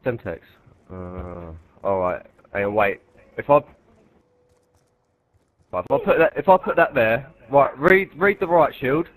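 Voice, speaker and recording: A man's voice: medium pitch, measured pace, pauses often, fairly bright tone, poor audio. A young man, joking and trolling while playing an online shooter with a friend. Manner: cheeky, teasing, talks over gameplay. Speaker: gamer. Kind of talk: casual gaming chat.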